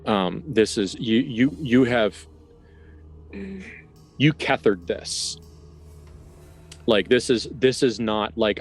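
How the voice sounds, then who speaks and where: A man running a tabletop horror game as game master, describing the scene quickly with amusement. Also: fairly low pitch, faint music behind.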